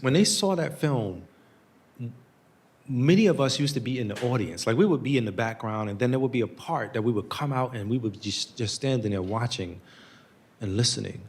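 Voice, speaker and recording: An earnest man in his forties from the United States, speaking at a public talk. He tells his story in a steady, conversational way and acts out the quotes in it. His voice sits at a mid pitch. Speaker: guest speaker.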